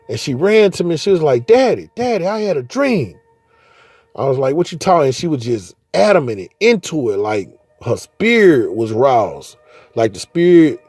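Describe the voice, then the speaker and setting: This man in his thirties talks casually and rambles, often restarting his sentences and cursing freely. His voice is mellow and sounds close and dry. Faint music plays behind him. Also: mid-range voice, no echo. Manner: rambling, profane, with frequent restarts. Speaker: father speaking on faith. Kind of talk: casual spoken monologue.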